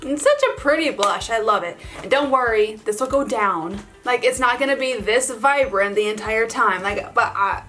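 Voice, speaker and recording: A woman's voice: fairly high pitch, normal speed, few pauses, a bit bright, faint music behind. Chatty, gushing woman beauty vlogger. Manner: chatty and gushing, lots of "like" and laughs. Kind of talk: casual makeup tutorial chat.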